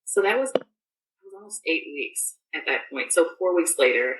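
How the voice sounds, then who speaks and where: Low-voiced woman telling her story. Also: lively intonation, moderate pace, a bit bright, echoey room, far from the mic, slight background noise, poor audio. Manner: rambling, full of fillers and restarts. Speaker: podcast guest. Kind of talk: casual storytelling.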